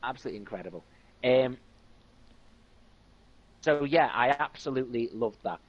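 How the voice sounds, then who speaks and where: A man talks casually on a game stream, rambling with enthusiasm and lots of fillers. His voice is slightly husky. The mic sounds dull and lo-fi. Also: medium pitch, expressive, normal speed. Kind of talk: casual gaming stream chat.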